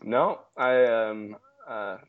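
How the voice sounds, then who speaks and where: A man's voice: lowish voice, drawn-out words, phone-quality sound, a little hiss or hum. A man guest on a podcast, telling a story casually with many restarts and amused asides. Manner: rambling, self-amused, frequent restarts.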